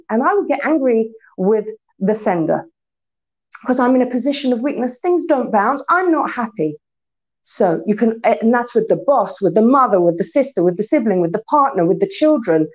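Woman, Torah teacher, fairly high voice, lively and expressive, acts out scenes, slightly muffled recording. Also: moderate pace. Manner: lively teacher, spells out acronyms, acts out quoted exchanges. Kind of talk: recorded talk to an unseen audience.

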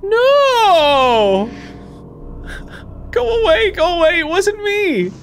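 A frightened little girl from a dark adventure game, as a man puts her on. She speaks high and pleading, and her voice swings wildly. Soft music plays underneath. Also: very animated, normal speed.

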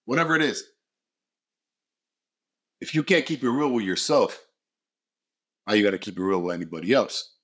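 A man's voice: lowish voice, lively intonation, normal speed, pauses often, fairly bright tone, slightly rough. Blunt, cursing motivational man. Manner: blunt, profane and emphatic; repeats short punchy phrases. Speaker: podcast host. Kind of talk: motivational podcast monologue.

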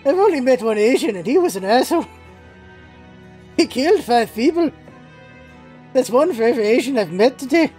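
A woman's voice: sits high, animated, normal speed, long pauses, dark tone, soft background music. Chatty woman narrating a game. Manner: chatty, jokey, laughs at herself. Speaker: let's-play host reading game dialogue. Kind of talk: casual gameplay commentary.

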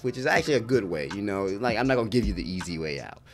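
A man casually reacting to an anime episode as he watches. He is excitable and profane, laughs often and talks back at the screen. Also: fairly low pitch, fast talker, faint music behind.

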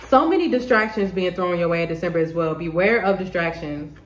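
A woman giving a casual tarot reading to the camera, excitable, laughing often and swearing freely. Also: lowish voice, brisk. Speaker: tarot reader. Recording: roomy echo.

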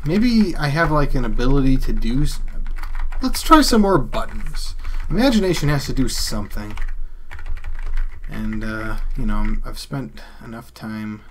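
A gameplay reviewer gives rambling let's-play commentary as he plays, muttering to himself with mild exclamations. His medium-pitched voice is sing-song and measured, with slight background noise.

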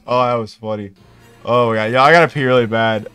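A young man streaming live, chatting casually with his viewers in an excitable, profane, hyped-up way. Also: mid-range voice, quick pace, clear, resonant tone, dry recording, faint music behind. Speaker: Twitch streamer. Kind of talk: casual livestream chat.

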